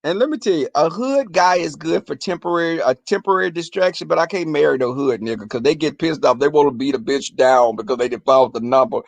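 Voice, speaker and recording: High-voiced man ranting in crude storytelling. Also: fast talker, gravelly, hardly any pauses, no room sound. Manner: profane, animated, acts out quarrels in a shrill voice. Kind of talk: casual storytelling rant.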